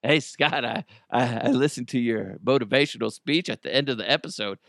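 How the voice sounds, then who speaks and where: A man's voice: medium pitch, brisk, creaky, a bit bright, no room sound, clean studio sound. A man putting on a proud, reformed listener. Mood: mock-earnest. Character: grateful male podcast listener, reformed jerk.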